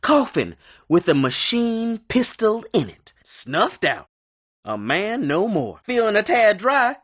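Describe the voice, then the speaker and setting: A husky, genteel frontier musician in a Western video game. He talks in quaint old-time slang with courtly politeness, and his pitch swings lively up and down. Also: slow, heavily acted. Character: genteel, folksy male Old West saloon musician. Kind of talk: video game character barks.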